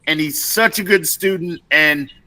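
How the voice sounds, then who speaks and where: Brief: bright, sharp-toned male co-host, unhurried delivery, eager. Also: a little high. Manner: enthusiastic, hesitant fillers. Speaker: podcast co-host. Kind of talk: casual chat.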